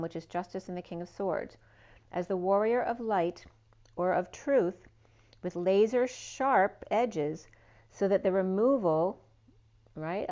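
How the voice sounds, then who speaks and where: A woman with a lowish voice talks through a spiritual tarot reading. She drifts from image to image with ums and trailing asides. The recording sounds dull and lo-fi. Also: dark tone. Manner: meandering, associative, with frequent ums and trailing asides. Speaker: tarot reader.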